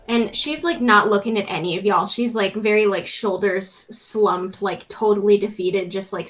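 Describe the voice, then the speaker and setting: A woman, playing a tabletop game in a chatty, drawling way with lots of fillers. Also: mid-range voice. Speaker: player. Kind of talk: tabletop role-play.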